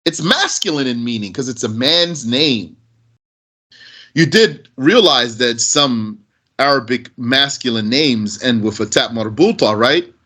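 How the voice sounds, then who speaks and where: A man's voice: medium pitch, lively intonation, a little slow, pushed and bright. A man teaching Arabic grammar, asking and answering his own questions as he explains.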